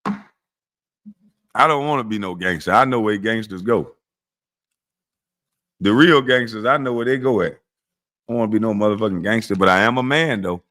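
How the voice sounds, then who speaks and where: A man's voice: on the low side, normal speed, pauses often, fairly bright tone. A man streaming a blunt, mocking rant, full of profanity, talking straight to his chat. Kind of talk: ranting monologue on a live stream.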